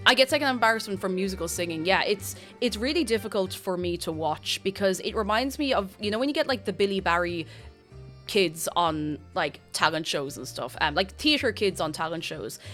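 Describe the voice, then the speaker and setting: A young adult woman chatting casually on a live stream. She talks to her viewers in an animated way, stops and restarts her sentences, and stays close to her desk mic. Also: mid-range voice, brisk, faint music behind. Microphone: desk microphone.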